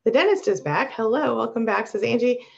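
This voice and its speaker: Woman, live-stream coach, encouraging, warm, gravelly fry, muffled lo-fi audio. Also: fairly high pitch, animated, fairly quick. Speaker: coach for narcissistic abuse survivors. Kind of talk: live-stream chat reading viewer comments.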